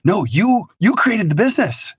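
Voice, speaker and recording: A middle-aged business consultant, appearing as a podcast guest, speaks energetically, emphatically and bluntly. His husky voice is high and runs at normal speed. The recording is dry, with clean studio sound.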